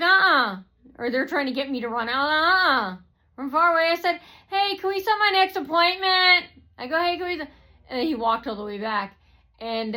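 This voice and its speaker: A woman's voice: on the high side, bright, forceful tone. A woman vlogger ranting to her viewers in a rambling, repetitive way, full of fillers and swearing. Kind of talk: rambling personal rant to camera.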